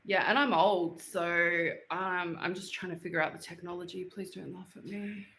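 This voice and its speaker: A woman's voice: lowish voice, fairly even intonation, moderate pace, vocal fry, fairly bright tone, a little hiss or hum. A woman with an Australian accent, hosting a casual livestream from home and chatting playfully with viewers in slang. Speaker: livestream host. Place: home, moving into the kitchen. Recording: roomy home recording.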